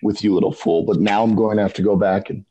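A man's voice: on the low side, steady tone, dark tone, husky, lo-fi sound. A man co-hosting a casual music podcast, talking thoughtfully with many restarts. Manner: thoughtful, halting, with frequent restarts. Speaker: podcast co-host.

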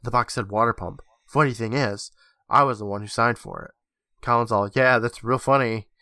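A man's voice: mid-range voice, moderate pace, no room sound. Male podcast co-host, casual recap with acted-out quotes, dry close sound. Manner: animated retelling, acting out lines.

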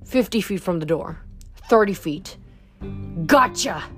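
A woman reading a novel aloud, with an even storytelling delivery. Her voice sits at a middle pitch, with faint music running beneath. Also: moderate pace. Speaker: reader.

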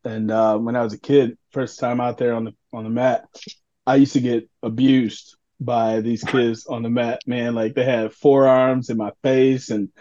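A man co-hosting a podcast, telling a story in a casual, animated way and laughing through it. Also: medium pitch, normal speed, slight background noise. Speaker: podcast co-host. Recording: dull lo-fi sound.

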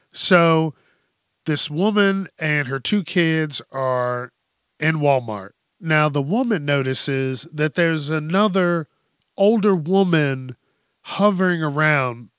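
A man's voice: on the high side, fairly bright tone, clear, resonant tone, no room sound, clean studio sound. A man hosting a podcast, telling a news story in a casual, profane way and often laughing. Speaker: podcast host.

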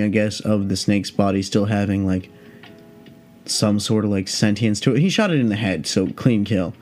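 A young man who is high, telling a rambling story in a laid-back, profane, meandering way. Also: mellow. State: high on cannabis. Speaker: podcast host.

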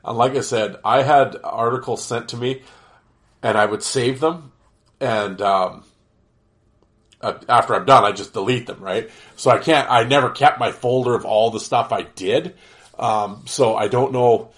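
A man's voice: mid-range voice, unhurried, fairly bright tone. A man hosting a casual solo podcast, his voice nasal and stuffed up from allergies, rambling with many fillers and restarts. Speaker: podcast host.

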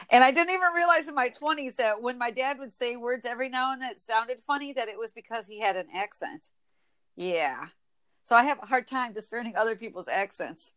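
A woman in her twenties from Michigan with an Inland North accent, chatting casually as a podcast host, a bit nasal and quick to laugh. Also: a little high. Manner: chatty, laughs often, quick when excited. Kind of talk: casual chat.

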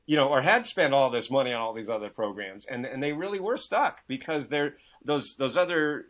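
A man's voice: medium pitch, a little fast. A man guesting as an author and success coach on a video call, telling stories with lots of "you know" and acting out the dialogue in them. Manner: energetic storyteller who acts out quoted dialogue; many fillers, "you know". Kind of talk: animated interview talk.

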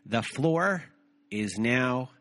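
A man's voice: medium pitch, expressive, extremely slow, fairly bright tone, no echo. A man hosting a podcast interview, chatty and stumbling over his words now and then. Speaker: podcast host.

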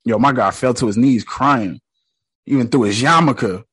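A man's voice: mid-range voice, moderate pace, a bit bright, breathy edge, no echo. A man giving casual, slangy reaction commentary, talking back at what he watches with a blunt, running manner. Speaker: reaction video host.

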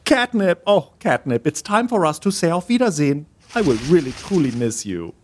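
A man's voice: a little high, big pitch swings, moderate pace, a little hiss or hum. A man acting in a sitcom, talking in quirky, mangled English idioms. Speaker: lead of a comedy series.

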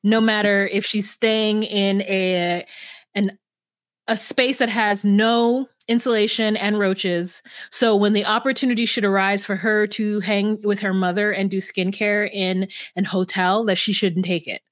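A laid-back woman co-hosting a podcast, rambling easily through her points with plenty of fillers. Her voice has a mid pitch, and the sound is close and dry. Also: little pitch movement, a little slow, no echo. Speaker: podcast co-host. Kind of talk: casual chat.

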